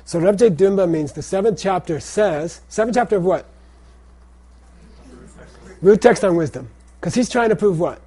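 Guy running a classroom pronunciation drill, bit high voice, warm and mellow, patient, says it again and again. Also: moderate pace, long pauses, slightly rough. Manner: patient, repeats words for students to echo. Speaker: language teacher.

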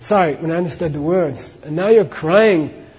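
A proud, self-assured monk scholar, played by a man telling the tale. His voice sits a little high and carries long hall reverb through a dull, muffled recording. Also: normal speed, a little mellow, slightly rough. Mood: pleading. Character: proud middle-aged male monk scholar, abbot.

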